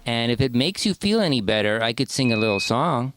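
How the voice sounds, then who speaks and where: A man's voice: medium pitch, sing-song, brisk, a bit bright, clean tone, dry recording, rough recording. A man performing a comedy sketch in an easygoing, supportive manner.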